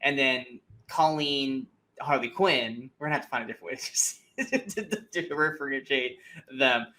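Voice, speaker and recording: Animated man ranting in a movie podcast. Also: medium pitch, moderate pace. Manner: animated, profane ranting with mocking asides. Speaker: podcast co-host. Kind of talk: casual movie review chat.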